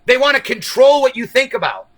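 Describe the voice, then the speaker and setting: A man with a high, bright voice delivers a long, unscripted livestream rant, swearing freely and speaking directly to his audience. He rambles between points and leans into a conspiratorial tone, coaxing viewers to follow along. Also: sing-song, a little fast, rough recording. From United States. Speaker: livestream host.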